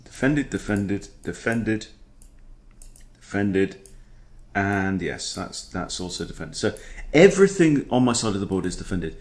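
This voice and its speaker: Chatty man, lively low voice. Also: unhurried. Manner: playful, chatty, throws in silly impressions. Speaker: chess coach. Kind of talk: casual game commentary.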